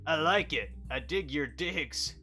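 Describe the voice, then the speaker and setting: A man's voice: a little high, animated, unhurried, sharp tone, breathy edge, soft background music, voice pushed up, full character voice. A man doing a chill, slangy adventurer. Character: easygoing laid-back adventurer.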